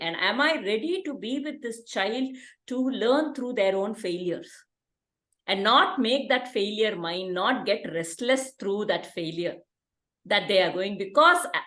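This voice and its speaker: A middle-aged woman with an Indian English accent, speaking calmly and reflectively about parenting and repeating words for emphasis. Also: fairly high pitch. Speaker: parenting workshop facilitator. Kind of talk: reflective conversational talk. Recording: echoey room.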